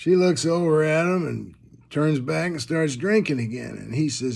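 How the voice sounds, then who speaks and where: A man telling a bawdy joke in an unhurried, drawling storyteller manner. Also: a little high, animated, gravelly, darkish tone. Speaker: joke teller.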